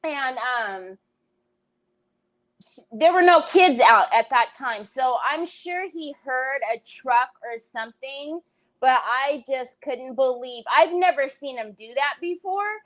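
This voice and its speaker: Greeting viewers by name, a woman chats casually on her home craft livestream, often erupting into loud laughs and exclamations. Her high voice is expressive and she takes things slowly, though the recording is rough.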